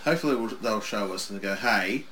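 A man co-hosting a casual wrestling watch-along, playful and prone to sudden loud excited shouts. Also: on the low side, fairly quick, a loud crowd. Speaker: co-host.

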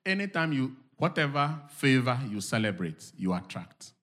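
A man preaching a sermon to a congregation, dropping to low murmurs and rising to loud shouted exhortations, acting out quoted inner voices. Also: big pitch swings, normal speed, a little hiss or hum.

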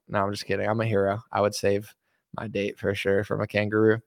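A man's voice: fairly low pitch, steady tone, moderate pace, vocal fry, dry recording, clean studio sound. A man hosting a casual livestream, reading out chat and making sarcastic, joking asides.

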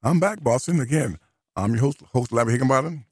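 A man's voice: mid-range voice, brisk, noisy background. A man hosting a radio talk show, delivering an emphatic, preachy commentary and repeating key phrases for stress. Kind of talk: opinionated radio commentary monologue. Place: radio studio.

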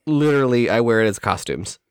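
A man co-hosting a podcast, trading wry, jokey remarks in a casual chat. His voice has a middle pitch. It is recorded close and dry, with little room sound. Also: lively intonation, fairly quick, no room sound. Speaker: podcast co-host. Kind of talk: casual movie discussion.

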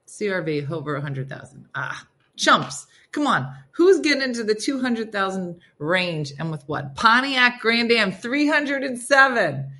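A woman hosting a morning radio show, chatting casually and reading listener replies aloud in quick lists. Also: a little high, animated, sharp tone. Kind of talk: casual chat.

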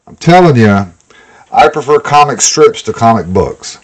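A man's voice: mid-range voice, expressive, moderate pace. A man co-hosting a podcast, talking bluntly and profanely in casual chat with frequent tangents. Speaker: podcast co-host.

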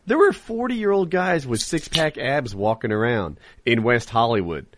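A man's voice: medium pitch, lively intonation, normal speed, no echo. A man hosting a podcast in casual, candid chat, rambling a little and laughing easily. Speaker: podcast host and live streamer.

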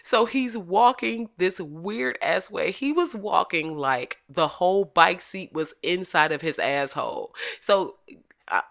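A woman hosting casual opinion commentary, blunt and animated, swearing freely as she talks. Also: fairly low pitch, slow pace, gravelly. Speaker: commentary host.

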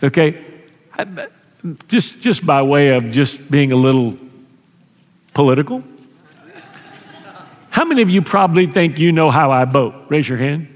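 Pastor preaching in a reverberant church. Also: male voice, a little high, expressive, unhurried, pauses often. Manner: conversational preaching with repeated restarts. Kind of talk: sermon. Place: church sanctuary.

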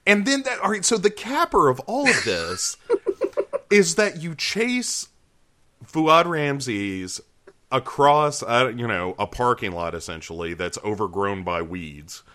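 A man co-hosting a podcast, chatting casually and jokingly about a film, laughing and putting on quick voices for the characters. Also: medium pitch. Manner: animated, laughing, jokey asides and quoted voices. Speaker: podcast co-host. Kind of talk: casual movie review chat.

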